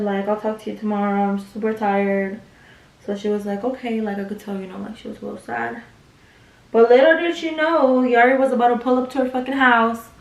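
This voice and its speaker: Chatty young woman, roomy and distant. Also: fairly high pitch. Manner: chatty, swears freely, heavy use of "like". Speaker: beauty vlogger. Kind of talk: casual storytelling while doing makeup. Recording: roomy sound, mic at a distance.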